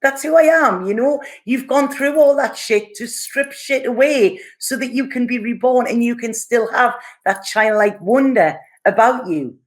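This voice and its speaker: A woman's voice: on the high side, unhurried, hardly any pauses, voice pushed up, close to an everyday voice. A woman voicing a joyful, carefree little boy full of wonder in a spoken tarot story.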